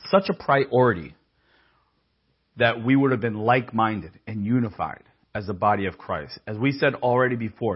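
Husky-voiced male preacher, casual and humorous. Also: medium pitch, muffled recording. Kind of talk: sermon.

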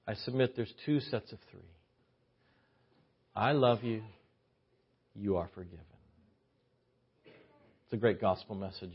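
A man preaching a sermon, shifting from quiet storytelling to loud, impassioned exhortation. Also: on the low side, slightly rough, lo-fi sound.

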